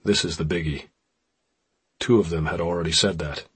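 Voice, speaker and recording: A deep-voiced man narrates a novel in a steady, measured way. His voice is very husky and breathy, low in pitch. The recording is dry and close, with no room sound. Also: no room sound. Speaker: audiobook narrator. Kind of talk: scripted narration.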